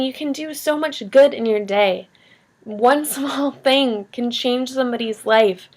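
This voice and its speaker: A young woman vlogger giving heartfelt, rambling encouragement in an earnest manner. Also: on the high side. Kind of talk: heartfelt motivational vlog talk.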